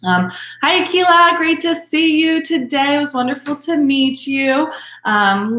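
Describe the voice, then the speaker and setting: Upbeat young woman running an online wine tasting, chatty, fillers everywhere, voice a bit high, echoey room. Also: fairly bright tone. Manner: chatty, upbeat, many fillers, greets viewers by name. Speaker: wine class host. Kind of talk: live-streamed virtual wine tasting class.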